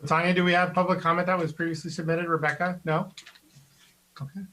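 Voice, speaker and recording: Man chairing a council meeting, bright tone, slightly high, easygoing; faint noise behind. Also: flat delivery, quick pace, low-quality recording. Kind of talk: online council meeting chat.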